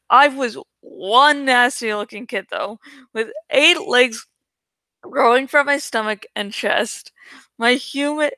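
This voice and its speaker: A woman with a high, bright voice reading a novel aloud at an easy, slow pace. She stumbles and restarts lines as she goes, with a dry, close recording and no room sound. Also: no room sound. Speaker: book reader.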